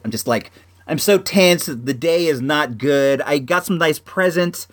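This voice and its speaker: A man's voice: on the high side, a little slow. A man hosting his own home show, telling a long personal story in a rambling, casual way, full of "like" and "dude". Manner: rambling, animated, heavy use of "like" and "dude".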